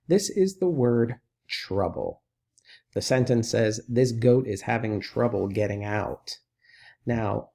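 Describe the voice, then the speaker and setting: A man teaching a recorded lesson for children, who talks patiently and encouragingly and repeats each word slowly. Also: medium pitch, gravelly, dark tone.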